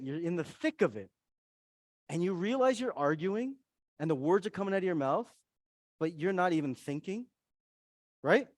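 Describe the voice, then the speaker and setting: A man giving a lively seminar talk to a room of listeners, putting questions to the audience and acting out inner voices. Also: fairly high pitch, no room sound, studio quality. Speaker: wellness speaker. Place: event room with a live audience.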